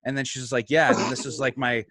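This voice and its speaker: This man talks fast in a husky, medium-pitched voice, and the studio sound is clean with no echo. As a guest on a casual podcast, he tells an animated story full of swearing and acts out everyone's quotes.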